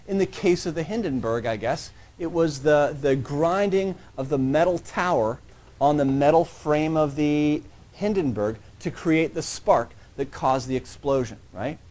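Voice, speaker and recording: Higher-pitched man lecturing a class. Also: darkish tone. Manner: checks in constantly with "yeah?" and "right?"; conversational, joking with students. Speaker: college microbiology instructor.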